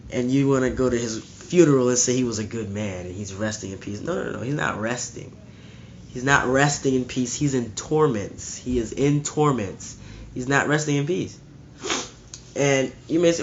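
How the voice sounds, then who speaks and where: Guy preaching hard and blunt, keeps restarting lines, mid-pitched voice, kinda dull lo-fi sound. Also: lively intonation, normal speed, slight background noise. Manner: fervent, blunt, repeats and restarts phrases. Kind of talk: preaching monologue. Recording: slightly muffled lo-fi recording.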